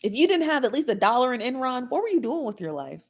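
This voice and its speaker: Animated woman chatting, laughing. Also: sits high, quick pace. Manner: animated, laughs often, exclaims. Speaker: podcast co-host. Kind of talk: casual chat.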